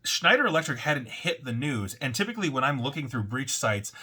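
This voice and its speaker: A man's voice: medium pitch, sing-song, a little fast, pushed and bright, husky. A man hosting a weekly data breach show, talking casually and rambling with fillers and self-corrections. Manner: reads quotes aloud in a put-on French accent. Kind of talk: casual solo commentary.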